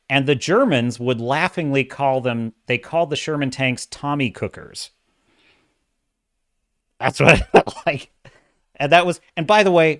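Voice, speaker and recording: Male livestream host, middle-aged, dramatic and lively delivery, dry close-miked sound. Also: mid-range voice, dry recording. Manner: animated, self-described dramatic, reads chat comments. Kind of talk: casual livestream commentary.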